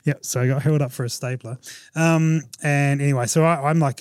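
A man hosting a podcast, telling a travel story in a casual, animated way, laughing often and acting out what people said. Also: a little high, fairly quick, clear, resonant tone, no room sound. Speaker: podcast host.

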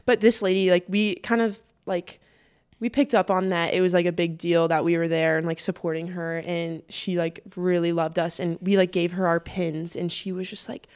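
A woman's voice: lowish voice, moderate pace, clean tone. A young woman co-hosting a podcast in casual chat, telling stories animatedly with lots of "like" and quoted voices. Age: young adult. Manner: chatty, full of "like", animated storytelling with quoted voices. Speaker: podcast co-host.

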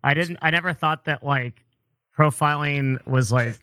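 A man's voice: on the high side, a little slow, sharp tone. A man chatting casually, laid-back and laughing as he talks. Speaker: esports team staff. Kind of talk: casual chat.

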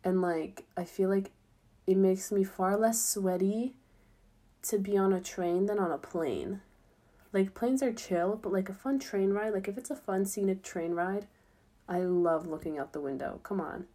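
A woman's voice: mid-range voice, a little slow, dark tone. A young woman, chatting casually in a vlog, full of fillers and upbeat. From United States. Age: young adult. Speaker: student abroad.

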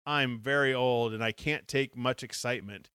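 A man's voice: medium pitch, fairly even intonation, normal speed, bright, forceful tone, clean tone, no echo, clean studio sound, close to an everyday voice. A man reading as a prim old talking umbrella. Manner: prim, fussy.

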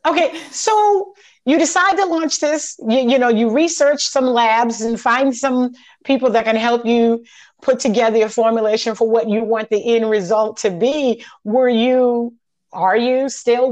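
A woman's voice: on the high side, unhurried, darkish tone, no room sound. A woman hosting a casual interview who teases her guest playfully, with lots of exclamations. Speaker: interview host.

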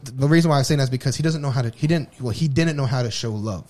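A man's voice: medium pitch, very fast, a little mellow. A man co-hosting a podcast, telling a personal story in a candid, rambling way full of restarts. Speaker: podcast co-host. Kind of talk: casual personal chat.

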